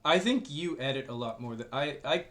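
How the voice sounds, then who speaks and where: A man's voice: medium pitch, animated, brisk, fairly bright tone. A man with a Canadian accent, a guest on a podcast, chatting in an easygoing, wry way. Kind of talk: casual chat.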